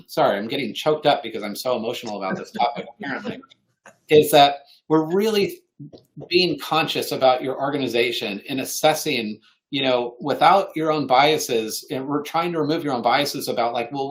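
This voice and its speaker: A man co-presenting a fundraising webinar, talking earnestly and clearing his throat now and then. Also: medium pitch, normal speed.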